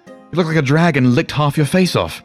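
A man doing a shrill, raspy drow woman. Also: normal speed, soft background music, lightly acted. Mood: mocking. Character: stubborn, sharp-tongued female drow seer.

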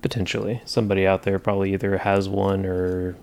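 A man with a very low, smooth and resonant voice, co-hosting a relaxed gear podcast. He talks in an easygoing way and drops wry jokes. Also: a little fast. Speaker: podcast co-host. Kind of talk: casual chat.

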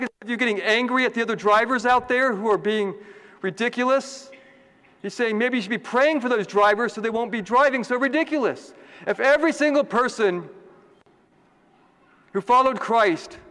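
A man's voice: sits high, a bit bright, long reverb tail. A man, a priest, giving a homily in a conversational, joking way and asking the congregation questions.

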